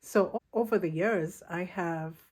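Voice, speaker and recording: A woman from Uganda, hosting a reflective vlog in a measured, deliberate way. Her Ugandan accent has shifted toward American. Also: on the low side, darkish tone, breathy edge. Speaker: vlogger, channel host.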